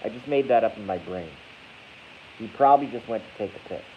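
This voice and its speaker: A man's voice: lowish voice, expressive, fairly quick. A man rambling casually on a livestream, joking crudely, mocking himself and reading out chat comments. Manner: crude, joking, self-deprecating, reads chat aloud. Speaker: livestream host. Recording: dull lo-fi stream audio with faint hiss.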